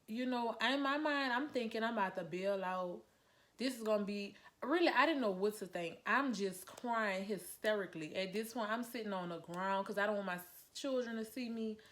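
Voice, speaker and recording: A woman from Louisiana, telling a personal story to her viewers in a casual storytime vlog, animated and chatty, calling them "y'all". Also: mid-range voice, normal speed. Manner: animated, addresses viewers as "y'all", acts out her own lines.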